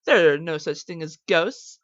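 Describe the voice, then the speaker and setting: A woman's voice: low-pitched, animated, moderate pace, no room sound, highs cut off, pitched below the performer's own voice. Woman playing Atia, a haughty rich woman. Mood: cool, dismissive. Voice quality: curt, dismissive. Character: cold, haughty rich hotel-owner woman.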